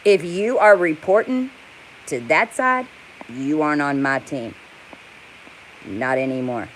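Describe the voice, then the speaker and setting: A woman's voice: lowish voice, animated, measured pace, slight background noise, poor audio. Ranting profane woman vlogger. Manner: angry, profane, rambling rant. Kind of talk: heated monologue to camera.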